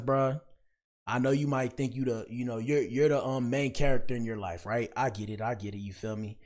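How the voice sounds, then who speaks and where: A podcast host with a medium-pitched, darkish voice delivers a casual commentary monologue alone at a moderate pace. He talks in slang, gets preachy, and tends to repeat himself.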